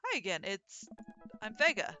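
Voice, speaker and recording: A nervous, self-conscious dad stumbles through small talk, voiced by a woman reading the player's lines. The tone is bright and clear. Light music plays faintly underneath. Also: mid-range voice, wildly swooping pitch, moderate pace.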